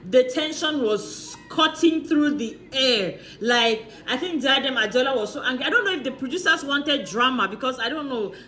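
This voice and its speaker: A woman's voice: high voice, expressive, moderate pace, few pauses, sharp tone. A woman chatting through a casual, gossipy recap of a reality show, laughing often and asking rhetorical questions.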